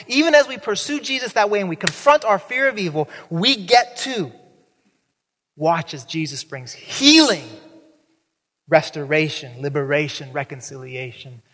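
A man preaching a sermon as pastor, animated, acting out the voices in the story with big jumps in pitch. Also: in a large hall.

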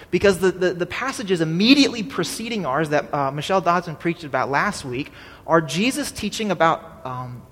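A man's voice: fairly high pitch, fairly bright tone, in a large hall. A male pastor preaching a sermon in a conversational way, often checking in with the congregation and having them repeat his main point. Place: church.

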